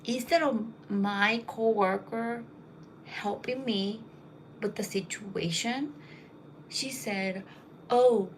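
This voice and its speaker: A woman's voice: fairly high pitch, takes it slowly, a little hiss or hum, poor audio. A young woman casually telling rambling anecdotes, with lots of fillers. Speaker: storyteller.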